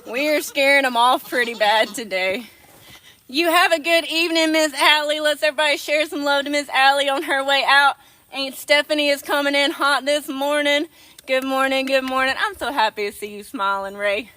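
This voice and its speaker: A woman's voice: sits high, steady tone, normal speed, sharp tone. A woman hosting a casual livestream, affectionately greeting viewers as darling. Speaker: livestream host.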